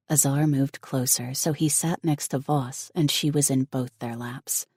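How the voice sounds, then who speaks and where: Woman reading an audiobook, low and slow, steady and even, dry close sound. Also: breathy edge, no echo. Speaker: audiobook narrator. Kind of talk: scripted narration.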